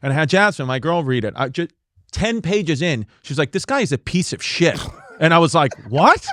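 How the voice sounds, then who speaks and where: A man's voice: a little high, very animated, moderate pace, a bit bright, no echo, clean studio sound. A man co-hosting a podcast who talks in eager, rambling casual chat. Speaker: podcast co-host.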